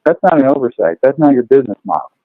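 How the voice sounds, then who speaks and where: A man teaching food law, telling long lively stories and acting out the people in them. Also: mid-range voice, rapid-fire, no echo. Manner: animated, acts out characters in his stories. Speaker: food law lecturer and podcast guest. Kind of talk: lively storytelling chat. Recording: dry, phone-like line.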